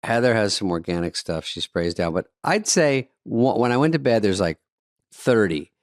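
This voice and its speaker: A man in his fifties co-hosting a podcast, telling stories in a dry, deadpan comedic way. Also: lowish voice, moderate pace, no room sound. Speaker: podcast co-host. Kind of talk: casual comedic chat.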